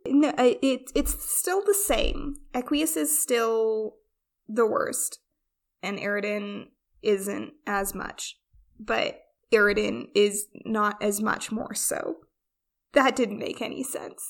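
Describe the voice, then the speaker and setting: A woman's voice: mid-range voice, slow pace. A woman co-hosting a casual chat, rambling and self-deprecating, with frequent restarts. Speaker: podcast co-host.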